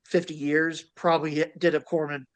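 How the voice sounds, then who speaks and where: A man co-hosting a casual podcast, animated and wisecracking. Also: fairly high pitch, a little fast. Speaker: podcast co-host. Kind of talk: casual chat.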